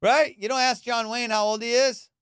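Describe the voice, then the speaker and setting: A young adult man hosting a comedy podcast, telling a story in an animated, profane way and acting out quotes. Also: extremely high pitch, moderate pace, smooth, dry recording, studio quality.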